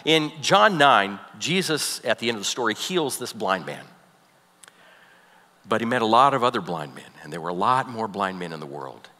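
A man preaching a sermon as a pastor, animated, swinging from loud emphasis to soft, near-whispered passages. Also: on the low side, moderate pace, big-room sound.

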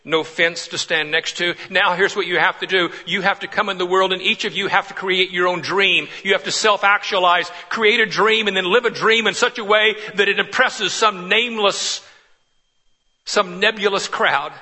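A male preacher delivering a sermon in a high, very bright voice. He preaches with passion, building to urgent pleading and then dropping to hushed, near-whispered lines. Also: fairly even intonation, moderate pace.

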